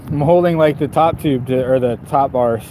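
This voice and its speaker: At a normal speed and medium pitch, a bike shop owner who vlogs talks on a livestream as he cycles through town streets. The action camera mounted on him picks up outdoor traffic and street sounds while he rambles in a self-deprecating way, laughing frequently.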